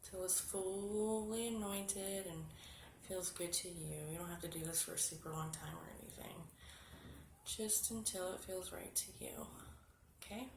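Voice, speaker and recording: Woman vlogging a little ritual how-to, chatty then hushed, roomy echo around her. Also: on the low side, steady tone, moderate pace. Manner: chatty, often drops to a hushed murmur. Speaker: spiritual vlogger. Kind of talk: casual how-to demonstration. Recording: echoey room with background noise.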